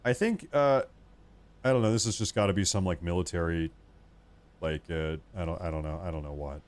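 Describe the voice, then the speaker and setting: A man's voice: sits low, a little fast. A man hosting a live stream, talking casually and rambling, often restarting and muttering asides to himself.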